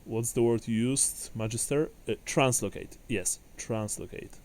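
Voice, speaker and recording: A man voicing a solemn male city official who speaks in a measured, formal and grave way. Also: medium pitch, darkish tone, natural voice.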